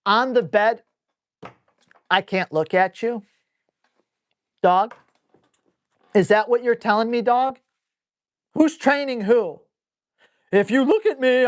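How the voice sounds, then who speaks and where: A blunt, high-pitched dog trainer takes viewer questions on a live stream mic, speaking casually and roughly. He scolds dogs aloud with playful toughness, his animated delivery alternating between quick bursts and slow, stretched-out phrases.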